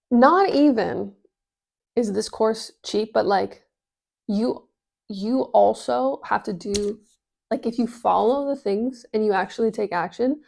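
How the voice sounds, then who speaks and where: A woman talking casually as a business coach, energetic and full of fillers, swearing now and then. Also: mid-range voice, vocal fry. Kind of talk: casual explainer vlog.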